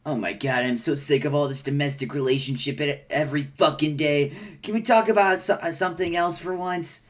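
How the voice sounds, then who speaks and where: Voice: medium pitch, fairly quick. A co-host reading a webcomic aloud, reacting with laughs and swears. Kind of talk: casual read-along chat.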